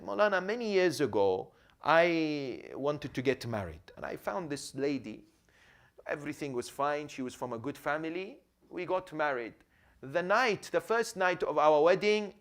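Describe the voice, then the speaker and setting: A man giving a religious lecture in a mosque, telling a story with big swings between soft low asides and loud raised points, often checking in with "Yes?". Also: lively intonation, moderate pace. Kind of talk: sermon. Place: mosque hall.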